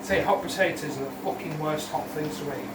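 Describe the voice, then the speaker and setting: A man's voice: on the high side, brisk, background noise. A young man cooking with a friend at home, chatting crudely and joking, heard in an echoey kitchen from some distance. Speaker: co-host. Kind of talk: casual chat while cooking.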